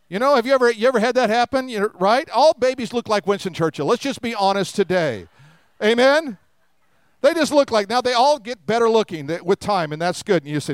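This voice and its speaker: Guy pastor preaching, high clear voice, jokey, does little voices, dry sound. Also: animated, fast talker, dry recording. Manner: humorous, acts out quoted voices. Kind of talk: sermon.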